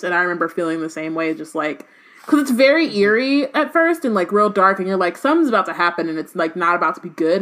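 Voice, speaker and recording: A woman's voice: lowish voice, fairly bright tone. A woman co-hosting a book podcast, reading passages aloud and chatting casually with lots of fillers. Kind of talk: casual chat and read-aloud.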